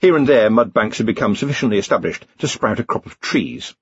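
A man reading a novel aloud as an audiobook narrator, telling it in an expressive, dry comic way. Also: lowish voice, a little fast, lo-fi sound, slight background noise. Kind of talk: scripted narration.

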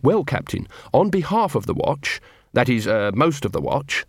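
A man's voice: medium pitch, very animated, moderate pace, breathy edge, no echo, studio quality. A man voicing an earnest, polite young male watch corporal.

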